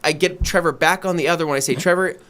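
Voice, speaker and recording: A man co-hosting a podcast, telling a story in a casual, animated way and acting out the quoted dialogue. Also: on the high side, rapid-fire. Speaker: podcast co-host.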